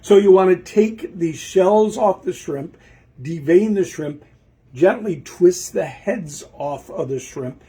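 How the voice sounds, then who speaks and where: A man's voice: sits high, lively intonation, slow, mellow. A man hosting a home cooking show, talking through a recipe in a rambling way while he cooks in his kitchen and often loses track of the next step. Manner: rambling, talks to himself while cooking, forgets steps. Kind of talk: casual cooking demonstration.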